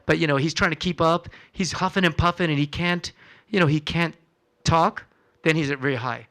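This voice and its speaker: A man's voice: fairly high pitch, fairly quick, a bit bright. A man, a physician, giving a conversational health lecture in a church hall, quizzing the audience and acting out talks with patients. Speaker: physician presenting a wellness seminar.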